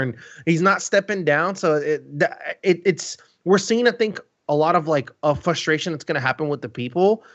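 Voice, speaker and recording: A man's voice: sits high, very animated, moderate pace. A man from Brazil co-hosting a casual panel chat, rambling and joking with lots of fillers and restarts. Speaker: panel co-host. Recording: dull lo-fi stream audio.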